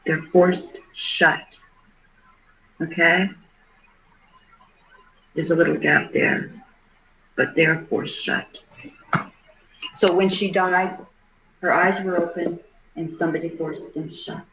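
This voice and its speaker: Slow, earnest middle-aged woman, roomy sound. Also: lowish voice, fairly even intonation, fairly bright tone. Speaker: livestream host. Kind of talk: live case commentary. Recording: roomy echo.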